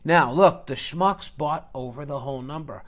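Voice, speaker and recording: A man's voice: fairly high pitch, normal speed, fairly bright tone. A man hosting a live trading stream, lecturing bluntly and emphatically and tagging his points with a questioning "okay?". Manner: blunt and scornful.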